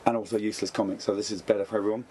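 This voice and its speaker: A man in his thirties, a comedian guest in an interview, talking in a dry, deadpan, jokey way. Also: on the low side, very fast, slight background noise. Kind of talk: casual interview chat. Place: backstage dressing room at a festival.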